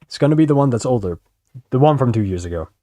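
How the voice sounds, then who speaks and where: A man's voice: medium pitch, expressive, fast talker, dark tone, dry recording. Rambling, foul-mouthed young male streamer. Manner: rambling, swears freely, self-deprecating. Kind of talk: casual reaction commentary.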